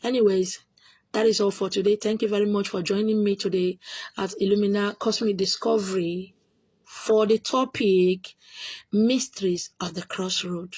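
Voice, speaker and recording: A woman's voice: mid-range voice, steady tone, normal speed, a little mellow, slightly rough, dry recording. A Nigerian woman with a Nigerian accent, a spiritual teacher answering viewer questions on her own video channel in an emphatic, insistent way, repeating her points.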